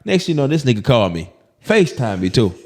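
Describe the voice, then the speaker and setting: Animated man telling funny stories. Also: medium pitch, fast talker. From Birmingham, Alabama. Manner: animated, repetitive restarts, laughing as he tells stories. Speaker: comedian guest. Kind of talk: casual storytelling interview.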